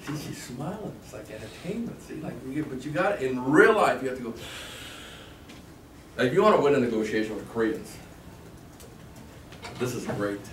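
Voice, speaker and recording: A man's voice: mid-range voice, moderate pace, pauses often. A man giving a sales negotiation seminar to a live class, telling stories and acting out phone calls. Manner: animated, storytelling, acts out phone lines. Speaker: sales trainer. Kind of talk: seminar lecture. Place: training room with a live class. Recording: echoey room, mic far off, faint noise.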